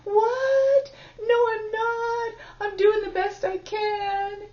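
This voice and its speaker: A woman's voice: very high voice, level tone, very slow, darkish tone, reverberant, voice pushed up, exaggerated voice. A woman voicing a small, innocent inner part of herself that pleads, near tears, against being called a loser. It sounds like a dull lo-fi recording. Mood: hurt protest.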